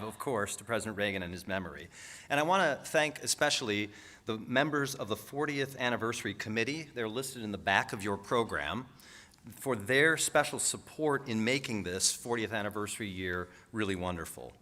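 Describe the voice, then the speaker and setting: A man's voice: mid-range voice, sharp tone. A man hosting a banquet, speaking with enthusiasm and a few stumbles and restarts. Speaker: dinner host from the center. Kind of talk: event hosting remarks. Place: banquet hall.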